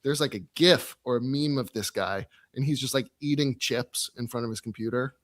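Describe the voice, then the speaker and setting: A man's voice: mid-range voice, a bit bright, no room sound. Dry-sounding man co-hosting, laughing easily. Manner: laughing, halting, repeats words. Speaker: podcast co-host. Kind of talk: casual podcast chat.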